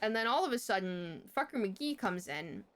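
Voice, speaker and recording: A young woman streamer telling a story in casual chat, swearing freely and jumping sharply in pitch. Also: very animated, normal speed, a bit bright.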